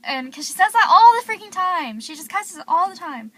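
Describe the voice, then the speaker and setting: A woman's voice: very high voice, big pitch swings, moderate pace, a bit bright. A teenage girl vlogging, rambling through gossip with lots of fillers. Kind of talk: casual gossip vlog.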